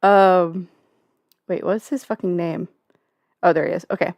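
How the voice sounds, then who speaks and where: A woman's voice: on the low side, fairly even intonation, a little slow, gravelly, darkish tone, dry recording, clean studio sound. A young woman hosting a casual livestream from home, rambling and joking with plenty of swearing and filler words. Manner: profane, jokey, rambling with many fillers. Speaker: livestream host.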